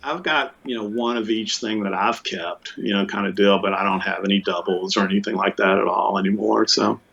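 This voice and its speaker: Rambling man telling a story, slightly low voice. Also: fairly quick, gravelly, husky. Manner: rambling, animated, many restarts and fillers. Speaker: interview guest, musician. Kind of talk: casual storytelling. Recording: muffled lo-fi audio.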